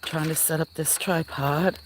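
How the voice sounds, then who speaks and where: A woman with a Southern US accent talks in an unhurried, drawn-out way, cooing to a crowd of cats and tossing chatty asides to her livestream viewers. She holds a phone as she wanders outdoors on a farm at dusk, with crickets and insects faint in the background. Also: sits low, steady tone, noisy background. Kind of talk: casual live chat with cats and viewers. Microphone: handheld phone while walking.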